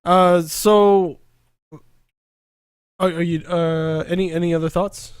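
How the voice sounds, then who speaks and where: Brief: excitable male podcast co-host, high voice, dry close recording, jokey and loose. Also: slow, smooth, no room sound. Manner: animated, jokey, swears and laughs often. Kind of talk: casual movie review chat.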